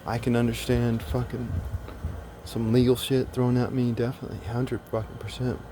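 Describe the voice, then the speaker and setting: A soft-voiced man telling a story in a casual monologue, swearing a lot and sounding exasperated, with many restarts. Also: mid-range voice, level tone, normal speed, background noise. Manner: profane, exasperated ranting with frequent restarts. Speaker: self-described philosopher telling a story.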